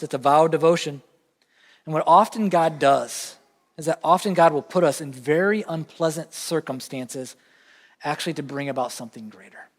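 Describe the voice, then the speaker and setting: A man with a Southern American accent preaching a sermon as pastor, conversational and earnest, leaning on emphatic repetition. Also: a little high. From Southern United States. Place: church sanctuary. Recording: long church reverb.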